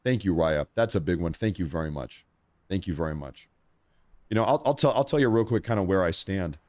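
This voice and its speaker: A man hosting a live news commentary stream, talking straight to his viewers with excitement while he is losing his voice. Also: deep voice, fairly quick. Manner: excitable, addresses viewers directly. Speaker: livestream host.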